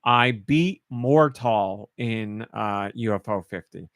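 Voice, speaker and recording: A man's voice: lowish voice, takes it slowly, a bit bright, no echo, clean studio sound. A man hosting a podcast in casual chat, gushing with emotion and getting choked up and tearful as he talks. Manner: emotional, gushing, laughs while choking up. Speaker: podcast host.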